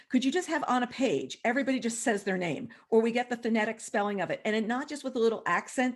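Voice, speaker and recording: A woman moderating a book festival panel, chatty and correcting herself as she goes. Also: medium pitch. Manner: chatty, quick self-corrections. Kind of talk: hosted panel discussion.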